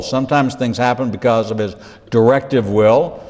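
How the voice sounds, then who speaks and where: A man preaching a Bible lesson in a large hall, his voice carried on a long reverb tail. He speaks at a mid-range pitch, leaning on repeated phrases for emphasis and dropping in dramatic pauses and joking asides. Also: a little mellow. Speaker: rabbi teaching the Bible. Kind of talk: sermon-style Bible teaching.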